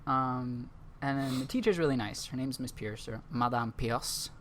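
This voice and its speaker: A man's voice: medium pitch, normal speed, a bit bright, slight background noise. A young man hosting a casual podcast, telling a rambling story packed with fillers. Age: young adult. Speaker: podcast host.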